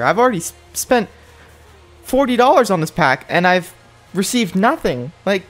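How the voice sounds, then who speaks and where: A man's voice: sits high, sing-song, moderate pace, fairly bright tone, faint music behind. A young man giving exasperated commentary while opening mobile game packs, ranting and jumping up in disbelief.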